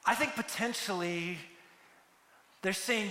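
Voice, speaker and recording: A man's voice: high-pitched, moderate pace, bright, forceful tone. A man preaching a sermon, telling a story and acting out the characters' lines. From United States. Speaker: pastor. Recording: echoey hall with long reverb.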